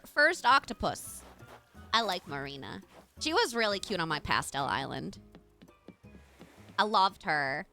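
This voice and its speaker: Bubbly, lively woman streamer. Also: fairly low pitch, a little slow, pauses often, soft background music. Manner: chatty, bubbly, talks to chat. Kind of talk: casual live-stream chat.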